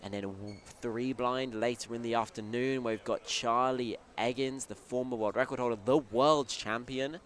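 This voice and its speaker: A man doing live play-by-play commentary at a competition, quick and upbeat. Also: mid-range voice, fairly even intonation, slight background noise.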